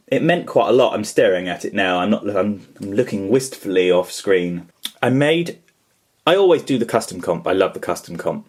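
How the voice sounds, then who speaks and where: A man, vlogging in a casual, rambling way about customising toys, self-deprecating and enthusiastic as he chats. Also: fairly low pitch. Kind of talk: casual chatty vlog.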